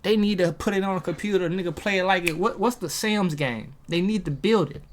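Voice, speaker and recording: There's slight background noise as this high-voiced man talks briskly to his own camera from a table, a motivational host preaching in a casual style and firing off rhetorical questions.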